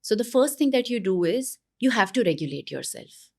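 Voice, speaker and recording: A woman's voice: medium pitch, very animated, moderate pace, gravelly. A woman with an Indian English accent talks through parenting advice in an interview. She is earnest and explanatory, with bursts of animation when she acts out scenes from home. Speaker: parenting guest expert.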